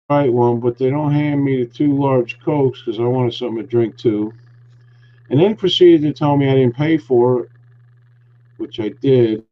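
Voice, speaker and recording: A man hosting a talk show, telling an angry story with lots of swearing and heat. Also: medium pitch. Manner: profane, heated ranting storyteller. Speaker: podcast host. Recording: dull lo-fi recording.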